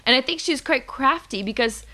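Animated woman telling a juicy story. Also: sits high, normal speed. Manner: animated storyteller, heavy "like" fillers, swears freely. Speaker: podcast co-host. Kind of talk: casual chat, telling a friend's story.

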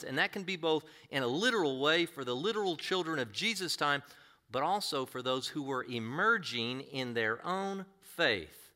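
Bright-voiced man preaching earnestly. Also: fairly high pitch, lively intonation, moderate pace. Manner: earnest, conversational preaching with rhetorical questions. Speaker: pastor. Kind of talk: sermon.

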